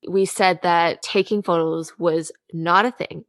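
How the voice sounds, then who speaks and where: Woman podcast host, lowish voice, laughs a lot, cuts in, dry sound. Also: steady tone, unhurried, no echo. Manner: laughs often, jumps in. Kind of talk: casual interview chat.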